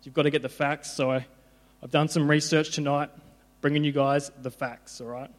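A man's voice: a little high, little pitch movement, moderate pace. A young man giving an informal sermon, conversational, often repeating his words as he goes. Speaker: preacher. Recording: hall reverb with mains hum.

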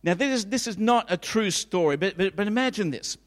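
A high-pitched man in his fifties delivers an emphatic, repetitive sermon as the pastor. His voice rings with the long reverb of a church hall. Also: animated, a little fast. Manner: emphatic, repetitive preaching with acted quotes.

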